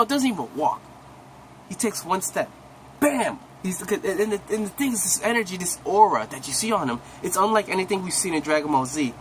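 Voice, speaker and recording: Excited young man rambling an anime recap. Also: sits high, a little hiss or hum, poor audio. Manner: excited, rambling retelling with slang and restarts. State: coughing now and then. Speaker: recap host. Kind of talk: casual anime episode recap.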